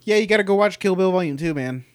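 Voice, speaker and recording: A man's voice: high-pitched, expressive, fast talker, no echo, clean studio sound. A man chatting casually about films with a friend, swearing freely and often trailing off to restart his sentences. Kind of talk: casual chat.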